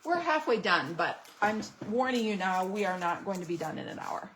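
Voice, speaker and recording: A woman's voice: medium pitch, very animated, normal speed, few pauses, a bit bright, slight background noise, poor audio. A woman showing off craft products in a casual unboxing video, gushing and chatty. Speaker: stamping demonstrator.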